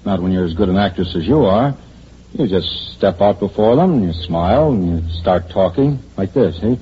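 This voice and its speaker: A man chatting on air as a guest actor, halting and stammering with a self-mocking tone, on a muffled 1930s radio broadcast. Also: sits low, lively intonation, slightly rough. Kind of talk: casual on-air chat.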